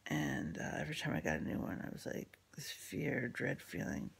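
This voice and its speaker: Medium in pitch and moderate in pace, this voice is sing-song, creaky, and husky. The speaker tells a rambling personal story in casual talk, swearing freely, filling it with fillers and restarts, and often slipping into unvoiced, whispery asides.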